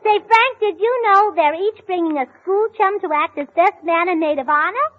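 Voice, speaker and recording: A woman's voice: very high-pitched, normal speed. A woman comedian doing scatterbrained, cheerful scripted radio comedy on a 1940 broadcast. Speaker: comedian and show co-host. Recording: dull, faintly noisy 1940 radio broadcast.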